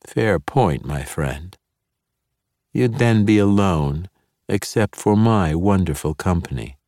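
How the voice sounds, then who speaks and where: A man reading an audiobook and voicing a sly, playful male dark elf mercenary leader who talks smoothly and teasingly. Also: low-pitched, animated, takes it slowly, dry recording, studio quality, voice pushed up, exaggerated voice. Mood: wry.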